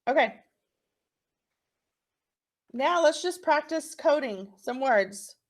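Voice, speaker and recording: In a high-pitched voice with lively intonation, a woman teaches young children phonics in a recorded lesson. She encourages them warmly and pronounces words slowly, sound by sound.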